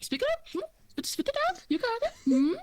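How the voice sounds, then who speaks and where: A woman voicing a sharp-tongued older woman who mocks and teases in a high sing-song voice. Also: huge pitch swings, a little fast, heavily acted. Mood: mocking.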